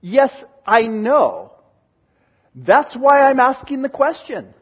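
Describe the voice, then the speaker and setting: A man's voice: big pitch swings, takes it slowly, lo-fi sound. A man preaching a sermon, giving earnest expository Bible teaching and voicing God's words with strong emphasis. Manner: earnest, emphatic, paraphrasing God in a booming voice.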